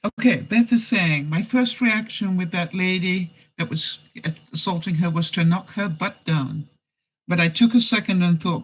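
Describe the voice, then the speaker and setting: A vlogger with a high, somewhat bright voice talks at a moderate pace over poor audio, telling a story on a casual live stream. His folksy style includes answering commenters by name and a steady stream of "you know."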